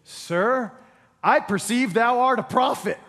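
A male preacher voicing a sharp-tongued Samaritan woman at a well, mocking and then insistent. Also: very high voice, slow pace, big-room sound, voice pushed up, heavily acted.

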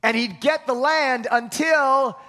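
A man's voice: extremely high pitch, slow pace, pushed and bright, in a large hall. A male pastor preaching a sermon in a conversational way, with acted-out asides, in a church sanctuary.

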